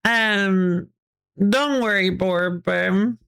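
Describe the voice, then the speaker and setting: A woman's voice: mid-range voice, extremely slow, creaky, fairly bright tone, smooth. A woman streamer chatting casually with her viewers, rambling, restarting her sentences and giggling often. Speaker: game streamer. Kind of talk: casual live-stream chat, answering chat.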